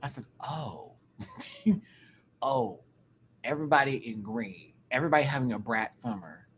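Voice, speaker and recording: Man, live review host, campy and animated, mid-pitched, light background noise. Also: unhurried. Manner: animated, campy, breaks into laughter and singing. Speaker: YouTube reviewer. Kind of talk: casual live review chat.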